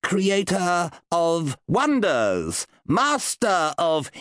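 A man's voice: high voice, wildly swooping pitch, extremely slow, a bit bright, no room sound, studio quality, pitched above the performer's own voice, heavily acted. A man playing a pompous, flustered wizard. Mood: grandiose. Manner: huffy, pompous, improvising incantations. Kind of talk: audiobook character voice.

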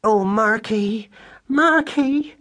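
An excitable mother mouse, high-pitched and husky with a broad burr, as a man puts her on. Her voice leaps all over the place, rustic and flustered, in a children's audiobook. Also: measured pace, full character voice. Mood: distressed. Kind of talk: audiobook character voice.

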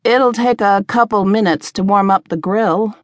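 A woman voicing a gruff, brisk middle-aged woman who keeps a tavern. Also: mid-range voice, no room sound, lightly acted. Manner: brisk, loud and cold.

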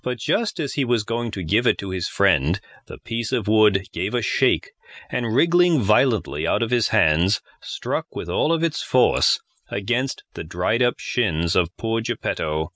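A man narrating a classic children's storybook in a measured, expressive reading on a close mic. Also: on the low side, no room sound. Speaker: audiobook narrator.

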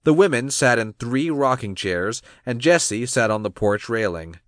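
A man narrating a romance audiobook, reading in an expressive storytelling manner. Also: medium pitch, unhurried, dry recording, clean studio sound. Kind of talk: scripted narration.

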